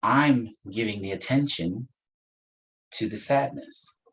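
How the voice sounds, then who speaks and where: A man teaching a spiritual practice in a gentle, unhurried way, with playful asides and frequent soft laughs. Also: lowish voice, a little hiss or hum, poor audio. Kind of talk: reflective spiritual talk.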